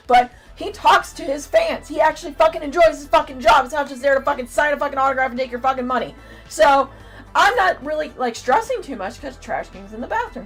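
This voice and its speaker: Woman co-host, slightly high voice, animated profane storytelling, faint music behind. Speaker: podcast co-host. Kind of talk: casual convention review chat.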